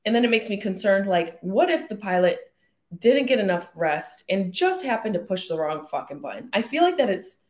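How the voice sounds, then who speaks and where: A woman's voice: mid-range voice, sing-song, moderate pace, darkish tone, roomy sound. A woman hosting her own podcast, rambling through casual jokey stories with plenty of swearing. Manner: chatty, profane, jokey rambling. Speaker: podcast host. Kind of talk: casual solo podcast chat.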